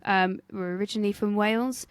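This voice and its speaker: A woman's voice: medium pitch, steady tone, fairly quick, smooth, no room sound. A woman co-hosting a history podcast in a casual, jokey way, swearing freely as she tells the story. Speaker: podcast co-host and researcher.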